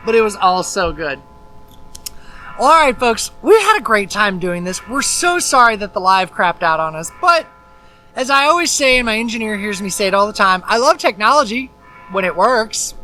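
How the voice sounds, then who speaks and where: A woman's voice: fairly high pitch, sharp tone, poor audio. A woman hosting a casual food tasting outdoors at a theme park, enthusiastic and chatty with frequent laughs. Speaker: park staff host. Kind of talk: casual on-location food chat.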